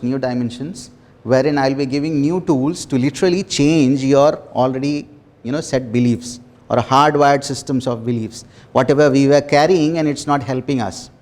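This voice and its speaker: A man leading a small self-development workshop, talking earnestly with repeated phrases and soft laughs. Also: mid-range voice. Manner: earnest, repetitive, laughs softly between phrases. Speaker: workshop facilitator. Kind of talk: motivational workshop talk.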